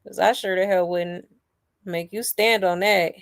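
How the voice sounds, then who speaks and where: A woman's voice: on the low side, steady tone, measured pace. A woman hosting a celebrity gossip stream, chatty, calling her viewers y'all and honey and asking them to like and subscribe. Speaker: host.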